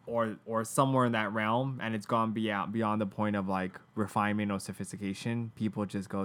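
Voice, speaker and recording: A man's voice: fairly low pitch, flat delivery, a little fast, few pauses. A man in casual podcast chat, telling a story with lots of fillers and restarts. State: in pain from a medical issue. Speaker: podcast co-host.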